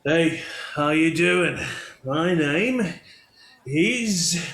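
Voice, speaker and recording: Guy playing a relaxed half-orc, drawling, friendly, echoey room. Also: mid-range voice, drawn-out words, soft background music, exaggerated voice. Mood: easygoing. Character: laid-back male half-orc drinker, easygoing.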